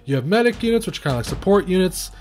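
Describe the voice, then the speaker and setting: A young man giving rambling, self-mocking commentary while playing and reviewing a strategy game, now and then shouting at his units. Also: high-pitched, animated, rapid-fire, faint music behind. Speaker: gaming video reviewer. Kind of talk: casual gameplay commentary.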